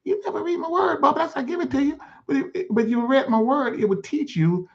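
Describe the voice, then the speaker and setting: A man's voice: extremely high pitch, lively intonation, brisk, vocal fry, pitched above the performer's own voice, full character voice. A man voicing God as a patient, fatherly male Lord who coaxes and repeats himself in a one-man sermon skit. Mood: coaxing. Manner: coaxing, pastoral, repeats himself. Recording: dull lo-fi recording.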